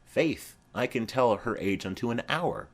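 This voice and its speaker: A man's voice: mid-range voice, expressive, unhurried. A man reading the part of a garrulous old female nurse who rambles on with chatty asides.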